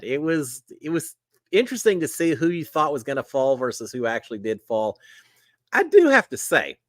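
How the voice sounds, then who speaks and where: A man's voice: medium pitch, pushed and bright, dry recording. A middle-aged man, hosting a casual live stream and greeting viewers one by one in a folksy way. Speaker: live show host. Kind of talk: casual livestream chat.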